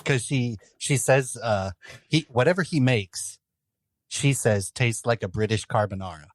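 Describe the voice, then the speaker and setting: A man co-hosting a casual podcast chat, presenting the beer news in a relaxed, amused way. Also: medium pitch, a little slow, no echo, clean studio sound.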